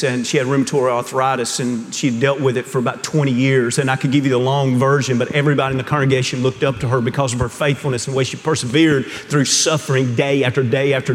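A man preaching a sermon, telling stories in a hushed voice that rises to fervent emphasis. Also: mid-range voice. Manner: storytelling, swings from hushed to rising fervor. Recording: long hall reverb.

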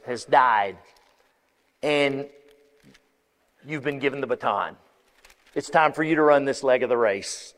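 A pastor preaching an impassioned sermon, building to emphatic peaks and often restarting phrases. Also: male voice, medium pitch. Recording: long reverb of a large hall.

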